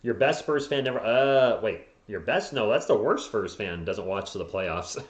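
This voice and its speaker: A man's voice: fairly low pitch, normal speed. A man hosting a live fan stream, calling play-by-play and chatting casually with viewers between plays, often chuckling. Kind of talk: fan play-by-play commentary with chat replies. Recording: roomy, slightly dull home stream audio.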